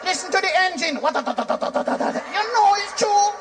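A Jamaican man from Jamaica performing stand-up comedy, animated and shouting his punchlines in patois. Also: very high-pitched, fast talker, background noise.

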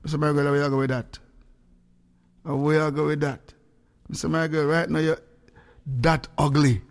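A man hosts a casual radio chat, telling animated stories in patois. His voice sits a little higher than most men's and leaps up in bursts of excitement. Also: normal speed. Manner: animated storytelling with sudden high-pitched outbursts. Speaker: radio host.

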